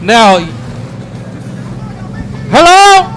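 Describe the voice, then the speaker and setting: A man's voice: very high voice, extremely slow, background noise. A man working a crowd at an outdoor race event on a handheld mic, counting down and calling for cheers. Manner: energetic, counts down and calls for cheers. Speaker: crowd hype host. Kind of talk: live event crowd work.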